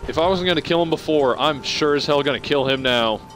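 Young guy yelling and cussing at a boss fight, kinda high voice, game music going underneath. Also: brisk. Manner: excitable, swearing, reacting out loud. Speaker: gameplay streamer. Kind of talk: live let's-play commentary.

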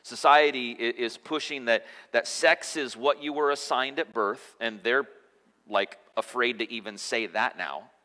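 Male pastor preaching casually to a congregation, bright voice, echoing church hall, frequent restarts. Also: mid-range voice, unhurried. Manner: conversational preaching with frequent restarts and repeated words. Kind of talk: sermon. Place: church sanctuary.

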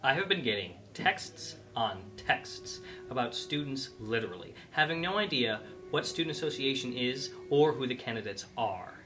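A young man rants aggressively and profanely in a scripted comedy bit, his pitch leaping around. The voice sounds roomy and a little distant from the mic, with music underneath. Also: expressive, moderate pace, hardly any pauses. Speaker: student election announcer.

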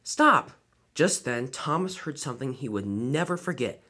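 A storyteller narrating a toy train fan-film adventure with a lively, swinging voice that rises and falls with the drama. The tone is slightly husky, and the telling has a dramatic, storybook feel. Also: mid-range voice, moderate pace.

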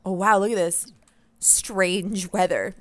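A woman gaming YouTuber giving chatty, excitable let's play commentary, reading game text and reacting aloud. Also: mid-range voice, takes it slowly. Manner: chatty, excitable, laughs often.

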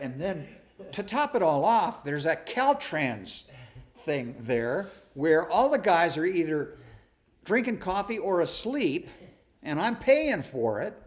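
Male pastor, informal study sermon; folksy and self-mocking, lots of restarts, lively up-and-down delivery. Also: high-pitched. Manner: folksy, conversational, self-deprecating humor; stumbles and restarts often. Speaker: pastor leading a Bible study.

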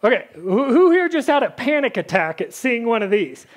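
High-voiced, chatty woman preacher. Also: very animated, moderate pace. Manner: chatty, full of "like", acts out Bible characters. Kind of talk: casual sermon.

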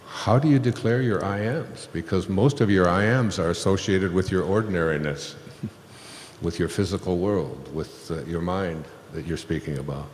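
A man's voice: low-pitched, moderate pace, a little hiss or hum. A man speaking on stage about spiritual ideas, telling a story in a rambling way with many fillers and small chuckles. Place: hall with an audience. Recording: echoey hall recording.

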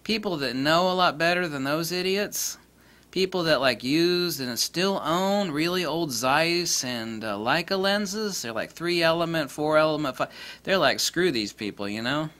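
A man ranting casually about camera lenses, blunt, profane and mocking, with big swings in pitch and loudness. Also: lively intonation, measured pace. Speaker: camera lens reviewer. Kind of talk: casual opinionated rant.

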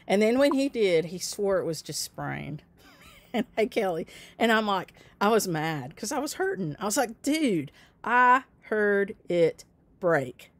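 With a mid-range voice that swings widely in pitch, this stitching-channel host in her fifties talks at normal speed. She shares a lengthy personal tale in relaxed chat, laughing frequently and addressing viewers' comments by name.

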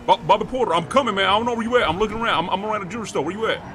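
A man roleplaying a gang member in a crime game, frantic and swearing, repeating himself as he yells for help. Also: high-pitched, racing, slight background noise. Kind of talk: in-character GTA roleplay.

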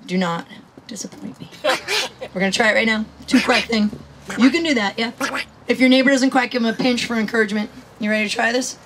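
A lively, jokey woman guides a tour from the driver's seat, mixing stories with comic patter. her voice sits a bit high, and vehicle and street noise run under it. she talks like a showwoman working a crowd. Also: fast talker. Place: amphibious tour vehicle outdoors.

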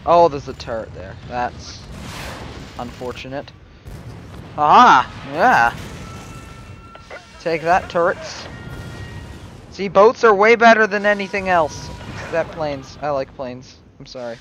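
A man giving let's play commentary, excitable, swinging between low mumbling and sudden yells. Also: measured pace, faint music behind. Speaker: gaming channel host.

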